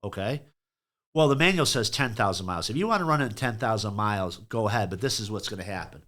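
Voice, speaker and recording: A man's voice: on the low side, lively intonation, quick pace, pushed and bright. Blunt, salty-talking middle-aged man. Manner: blunt, profane, acts out customer calls. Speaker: guest, truck repair shop owner. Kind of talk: casual podcast storytelling.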